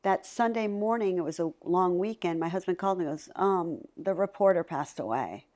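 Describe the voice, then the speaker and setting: A woman's voice: fairly low pitch, brisk. A middle-aged woman, a psychic medium, telling stories in a conversation and acting out the voices of the people in them. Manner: animated, acts out voices in her stories. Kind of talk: storytelling in a conversation.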